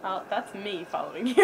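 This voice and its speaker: A young woman with a New York accent giving giggly, teasing, excitable gaming commentary, with game music behind. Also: mid-range voice. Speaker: let's play co-host.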